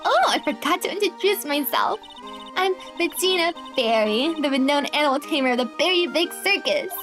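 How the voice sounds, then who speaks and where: A woman voicing a bubbly young woman animal tamer in a high, airy voice. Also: lively intonation, normal speed, over music. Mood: chirpy.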